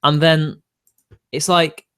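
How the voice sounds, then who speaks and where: A man live-streaming and answering his chat in a rambling way, quickly getting riled and swearing. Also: a little high, little pitch movement, a bit bright, clear, resonant tone.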